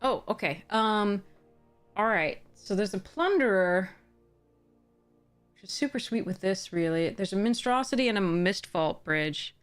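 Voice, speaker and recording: A woman's voice: medium pitch, lively intonation, unhurried, clear, resonant tone, faint music behind. Chatty woman streaming a card draft. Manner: chatty, thinks aloud, greets chat warmly. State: a little tired. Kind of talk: casual live-stream chat while drafting cards.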